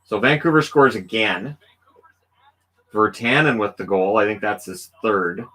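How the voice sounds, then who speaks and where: Bright-voiced middle-aged man host. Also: on the low side, unhurried. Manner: easygoing, rambling, with frequent ums. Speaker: livestream host. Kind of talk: casual livestream chat while playing a hockey video game.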